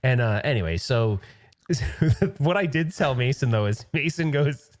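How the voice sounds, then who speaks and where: Brief male guest, mid-pitched voice, chatty and rambling, laughs between stories. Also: lively intonation, a little slow. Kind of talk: casual chat.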